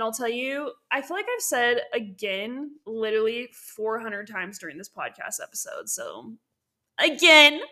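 A young woman who is an esthetician hosts a casual, educational skincare podcast in a slightly high, pushed and bright voice. She's chatty and upbeat, using lots of fillers and correcting herself often.

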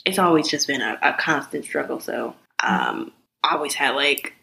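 A young woman talks casually on a podcast with a bright, forward voice. She tells candid stories full of swearing and fillers. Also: sits low, moderate pace, vocal fry, poor audio. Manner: candid, profane storytelling with lots of fillers. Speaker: podcast co-host. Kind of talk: casual chat.

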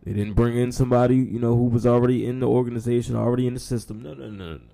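A man's voice: mid-range voice, fairly even intonation, racing, vocal fry, mellow. A man hosting a sports talk show, speaking casually with sarcastic, mock-apologetic humor and frequent y'all.

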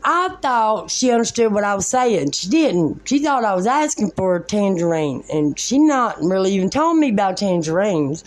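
A woman's voice: fairly high pitch, expressive, moderate pace. A woman delivering a rambling religious monologue in a fervent, preachy way, using colloquial, folksy grammar.

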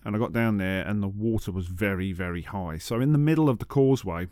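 A man's voice: lowish voice, fast talker, a little mellow, no room sound. Casting note: man, podcast co-host, teasing storyteller, dry close recording. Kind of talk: casual chat.

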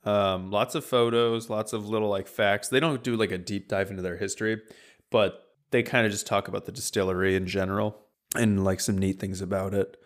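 A man presenting a topic on a casual podcast, relaxed and rambling with lots of fillers. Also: on the low side, a little fast. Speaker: podcast co-host presenting a whisky distillery.

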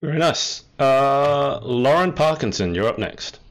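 A man's voice: medium pitch, lively intonation, a little slow. Upbeat man hosting a livestream. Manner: upbeat and teasing. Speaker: host of an online pageant game show. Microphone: video call.

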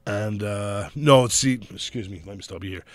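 A middle-aged man with a softened Scottish accent, swearing and laughing through casual podcast banter. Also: lowish voice, moderate pace, no room sound. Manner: crude, swears a lot, laughs often. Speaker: podcast co-host. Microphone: studio podcast mic.

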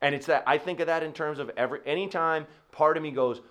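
A man, a comedian, chatting casually and telling rambling, animated stories with lots of restarts. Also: fairly high pitch, fast talker. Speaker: comedian guest. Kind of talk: casual podcast chat.

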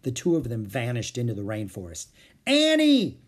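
A man reading a children's chapter book aloud as a storyteller, with expressive, animated delivery. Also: fairly low pitch, fast talker, slightly rough.

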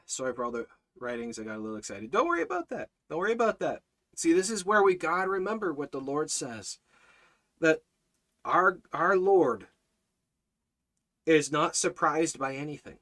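A man's voice: a little high, a bit bright. A man teaching a livestreamed Bible study in an emphatic, repetitive preaching cadence, reading out viewer comments as he goes.

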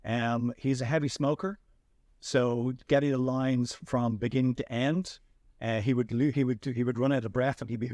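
A man hosting a podcast and telling a story in a chatty, animated way with lots of restarts. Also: mid-range voice, brisk, dry recording, clean studio sound. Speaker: podcast host. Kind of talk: casual storytelling chat.

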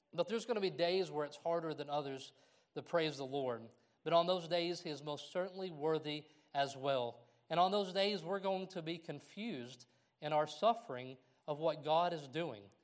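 A middle-aged man preaching a sermon to his church. His voice sits a little on the high side. He talks with animation and slips into the voices of the prayers and people he quotes. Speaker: pastor.

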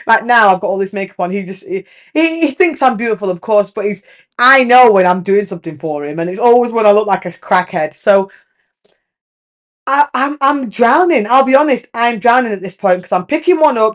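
A woman, hosting a podcast and talking frankly about her marriage, swearing freely and telling stories with lots of energy. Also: fairly high pitch. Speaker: podcast host. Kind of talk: candid casual chat.

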